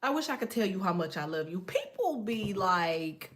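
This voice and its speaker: Talking at normal speed with a medium pitch and almost no pauses, a middle-aged woman chats casually with viewers as a card reader. She tells vivid, slangy stories and laughs a great deal.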